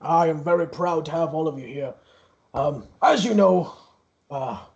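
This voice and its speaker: A man's voice: fairly high pitch, a little mellow, highs cut off, pitched above the performer's own voice. A man voicing a tall, muscular male half-orc councilman who speaks formally. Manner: formal, announcing.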